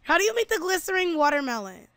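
Woman, giggly, chatty gamer, high voice, dry. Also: sing-song, fast, a bit bright, no echo. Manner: giggly, chatty, calls her friend "girl", sing-song chanting. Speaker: gameplay video host. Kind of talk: casual gaming chat.

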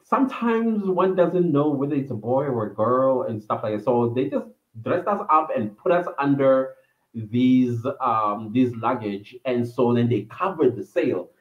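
A man's voice: medium pitch, lively intonation, unhurried. A man from Africa, hosting a livestream and telling a personal story in a reminiscing, meandering way with many fillers. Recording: echoey room over a tinny phone-like line.

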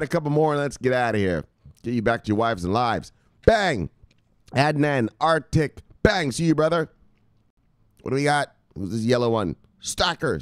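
A man hosting a crypto news show, talking in an excited, casual way, shouting catchphrases, laughing and swearing. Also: medium pitch, smooth, no room sound, studio quality. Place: home near the beach.

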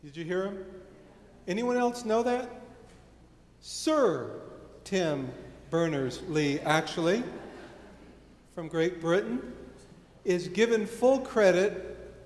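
A man's voice: sits high, expressive, slow, pauses often, a little mellow. A man in his sixties, a pastor preaching a sermon in a church, reading scripture, praying and quizzing his congregation. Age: 60s. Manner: reads scripture, then leads prayer and quizzes the congregation. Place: church sanctuary. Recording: echoey church hall from far off.

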